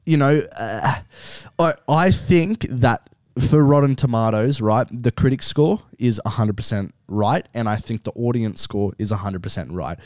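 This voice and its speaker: A man's voice: mid-range voice, no room sound. A young man co-hosting a podcast, easygoing and swearing freely as he chats. His voice sits mid-range. The recording is dry and close. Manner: relaxed, swears often, drawn-out phrasing. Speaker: podcast co-host. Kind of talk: casual chat.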